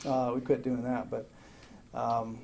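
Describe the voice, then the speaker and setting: A man's voice: mid-range voice, little pitch movement, takes it slowly, gravelly, darkish tone, a little hiss or hum, poor audio. A man telling his story at a recovery meeting in a rambling, joking, profane way. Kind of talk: casual storytelling talk. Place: meeting room with a crowd. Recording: live meeting talk with audience laughter.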